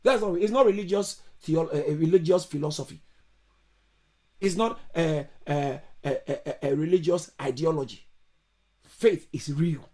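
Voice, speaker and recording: A man preaches a sermon to an online church service held over video call, stressing his points, repeating phrases and breaking into abrupt high-pitched exclamations. He speaks at a moderate pace with a darkish tone.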